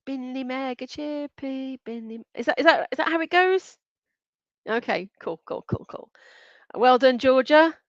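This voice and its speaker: A woman's voice: high-pitched, big pitch swings, moderate pace, pauses often, no echo, dull audio. A woman hosting a live online quiz, reading out answer options and names in a chatty way and giggling often. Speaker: quiz host.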